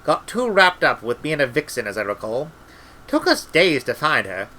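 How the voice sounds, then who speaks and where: A man voicing a stern, sharp-tongued old witch woman in a storybook reading, brusque and scolding. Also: fairly high pitch, very animated, moderate pace. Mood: musing.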